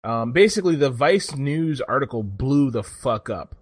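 A man's voice: medium pitch, moderate pace, no echo, clean studio sound. A man telling a story in casual chat, rambling and cursing freely as he goes. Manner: profane, rambling, animated storytelling.

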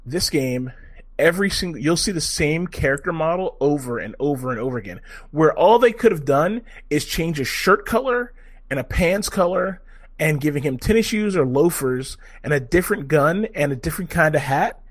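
Excitable man reviewing a game. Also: fairly high pitch, normal speed. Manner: excitable, swears, many fillers and restarts. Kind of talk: casual game review chat.

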